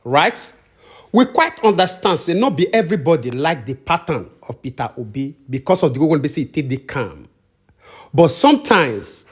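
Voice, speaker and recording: A man's voice: a little high, husky. A man speaking with a Nigerian Pidgin accent, hosting a channel and casually commenting on a video clip, reasoning aloud.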